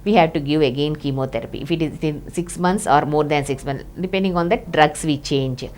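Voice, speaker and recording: Low-voiced doctor, hesitant delivery. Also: female voice, fairly quick, darkish tone, slight background noise. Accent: Indian English. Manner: hesitant, restarts with many fillers. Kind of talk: explaining a medical topic to camera.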